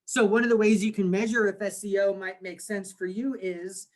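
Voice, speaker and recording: A man in his forties, a guest on an interview podcast, explaining things with lively rhetorical questions. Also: sits high, normal speed. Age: 40s. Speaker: guest, marketing agency owner.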